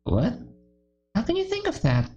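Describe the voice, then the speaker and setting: A woman's voice: mid-range voice, big pitch swings, normal speed, darkish tone, highs cut off, pitched above the performer's own voice, natural voice. A woman voicing a blunt, exasperated teenage girl who leads a school club, in a voiced visual novel reading. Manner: incredulous, scolding, then coaxing.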